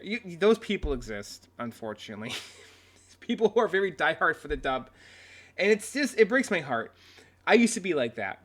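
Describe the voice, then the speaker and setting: A man's voice: a little high, very animated, a little fast, a bit bright. A man hosting a casual reaction video who rants, swears often and restarts his sentences a lot. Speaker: video host.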